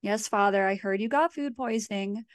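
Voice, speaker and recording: A woman reads the narrator, an uneasy young man, his lines hushed and worried. The voice keeps a middling pitch, and the sound is dry and close. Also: normal speed, no room sound, lightly acted.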